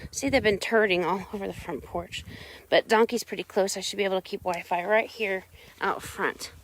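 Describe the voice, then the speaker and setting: A woman's voice: medium pitch, fairly even intonation, normal speed. A woman chatting casually on a live stream outdoors on her ranch, talking sweetly to her animals.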